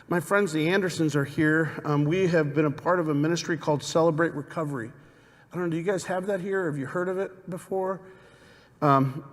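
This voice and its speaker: A middle-aged male preacher with a fairly high voice tells stories from the pulpit and keeps turning to the congregation with questions. His words ring out with a long reverb through a large church hall. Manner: conversational, asks the congregation questions. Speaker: guest pastor. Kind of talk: storytelling sermon. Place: church sanctuary.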